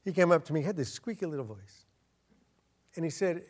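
A man preaching a sermon as a pastor, earnest, getting louder and slowing down to stress his points. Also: a little high, big pitch swings, husky. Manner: earnest, swells louder and slows down for emphasis.

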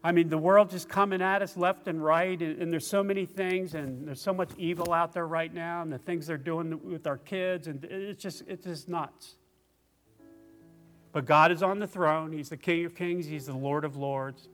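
A man preaching a personal testimony sermon, tearful and halting, restarting his phrases often. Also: a little high, a bit bright, soft background music.

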